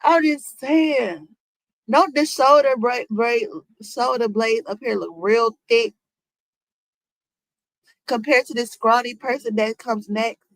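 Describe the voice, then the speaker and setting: Her pitch sits on the high side, and she speaks slowly with long pauses, in a low-quality recording with no room sound. She's a streamer talking to her chat about celebrity news in a casual way, asking rhetorical questions and using African American Vernacular English.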